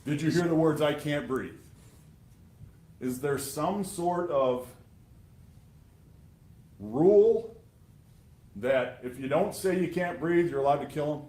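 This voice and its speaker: A man delivers a prosecutor's closing argument with pointed sarcasm and emphatic repetition. His voice sits a little high for a man. The sound carries the roomy echo of a courtroom. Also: slow pace, long pauses, dark tone. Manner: emphatic and sarcastic, addressing jurors.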